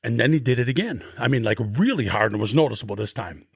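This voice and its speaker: A man in his fifties telling rough, profane stories as a podcast guest in an animated, swearing way. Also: mid-range voice, fast talker, no echo, studio quality. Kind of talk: casual storytelling on a sports podcast.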